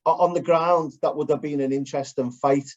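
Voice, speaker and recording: A man with a Liverpool accent co-hosting a podcast in casual chat, blunt and quick to swear. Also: a little high, fairly even intonation, darkish tone. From Liverpool, England. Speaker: podcast co-host. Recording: dull lo-fi podcast audio.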